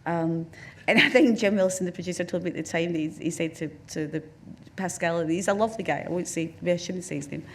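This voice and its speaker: A woman's voice: lowish voice, quick pace, a little hiss or hum. A woman with a Glaswegian accent, a film director and interview guest, tells anecdotes on stage in a rambling way, full of restarts and "you know"s. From Scotland. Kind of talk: on-stage career conversation, anecdotal. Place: festival talk stage with audience.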